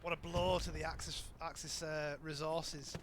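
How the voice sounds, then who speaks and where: A man giving live play-by-play commentary on an online shooter match, excitable and often correcting himself mid-sentence. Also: on the high side, moderate pace. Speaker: game commentator. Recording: noisy with gunfire in background. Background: game gunfire and ambience.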